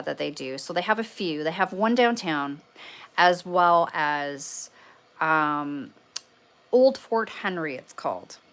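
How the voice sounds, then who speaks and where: A woman from Canada talks loosely to her livestream audience in a slightly low voice. She rambles, swears freely and fills gaps with "um" and restarts as she speaks from a candlelit room at home. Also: fairly bright tone. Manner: rambling and profane, with many fillers. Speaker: paranormal livestreamer. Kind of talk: casual livestream chat.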